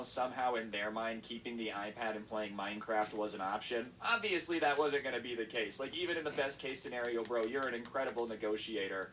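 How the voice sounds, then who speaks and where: A man hosting a live stream tells a long, casual story while he plays a game. He throws in slang and acts out the voices of the people in the story, at an ordinary middle pitch. A faint hiss of noise sits under his voice. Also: fairly bright tone. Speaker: livestream host.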